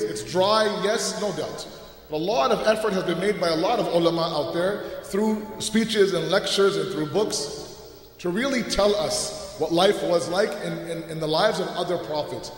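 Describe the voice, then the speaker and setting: A man with a loud, booming voice gives an earnest, animated sermon with humorous asides, his mic held away from his mouth. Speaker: religious lecturer. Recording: echoey hall with long reverb.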